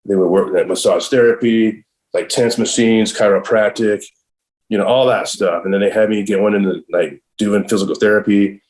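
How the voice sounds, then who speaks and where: Low-voiced middle-aged man, rambling and profane. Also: steady tone, moderate pace, darkish tone, rough recording. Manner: rambling and profane, heavy use of "like" and "I'm all". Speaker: podcast guest, professional skateboarder. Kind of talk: casual storytelling.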